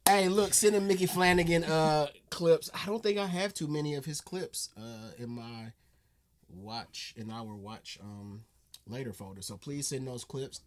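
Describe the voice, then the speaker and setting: A man's voice: fairly high pitch, unhurried. A man hosting a reaction video, laughing, repeating punchlines and chatting casually in disbelief.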